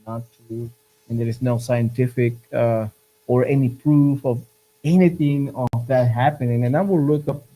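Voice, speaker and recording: A man's voice: mid-range voice, normal speed, warm tone, poor audio. A man hosting a podcast in casual chat, earnest and urging, often repeating his points. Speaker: podcast host.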